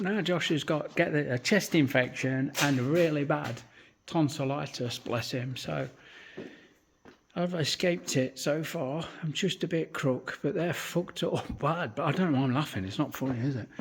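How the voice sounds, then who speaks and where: A man with a slightly hoarse voice gives chatty, sweary commentary while working at a lathe in his workshop, full of self-mocking asides. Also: fairly high pitch, normal speed, fairly bright tone, slight background noise. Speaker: workshop fabricator.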